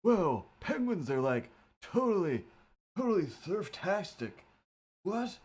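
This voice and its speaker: A man's voice: high-pitched, big pitch swings, slow, darkish tone, slightly rough, voice pushed up, full character voice. A man voicing a dopey young male surfer-dude cartoon cat with a laid-back drawl.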